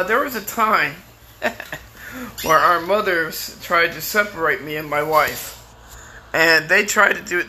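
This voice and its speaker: A man's voice: sits high, gravelly, sharp tone, a little hiss or hum. A middle-aged man telling his own story in a candid, rambling way, full of restarts and fillers. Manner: candid and plainspoken, sometimes swears. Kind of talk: casual personal storytelling.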